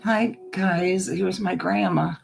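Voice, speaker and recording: A woman's voice: fairly low pitch, steady tone, slow, gravelly, a little mellow, soft background music. An older woman chatting playfully on a livestream from home into a laptop microphone, greeting viewers by name. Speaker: livestream host. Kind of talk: casual livestream chat.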